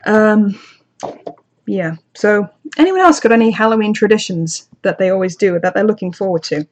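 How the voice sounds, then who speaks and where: A woman's voice: medium pitch, lively intonation, normal speed, slight background noise. A young woman hosting a casual livestream, reading and answering chat in a chatty, self-deprecating way with frequent restarts. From outside the United States. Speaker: channel host reading live chat.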